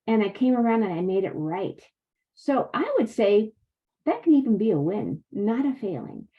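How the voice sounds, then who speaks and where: A woman's voice: medium pitch, big pitch swings, moderate pace. A middle-aged woman giving a faith-based motivational wellness talk, speaking straight to her viewers. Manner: faith-based, encouraging, addresses viewers as "you guys". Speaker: wellness coach. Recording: slightly dull lo-fi sound.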